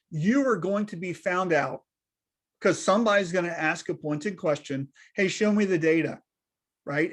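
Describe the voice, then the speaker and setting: This man has a high, bright speaking voice and talks as a business consultant in a casual conversation. He pushes his points home with rhetorical questions and keeps checking in with the listener. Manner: emphatic, asks rhetorical questions and tags them with "right?".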